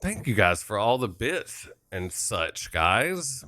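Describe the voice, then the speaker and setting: A man's voice: lowish voice, sing-song, slow, bright, forceful tone, no echo, clean studio sound. A young man chatting casually on a live stream, joking, laughing and thanking viewers while setting up a flight.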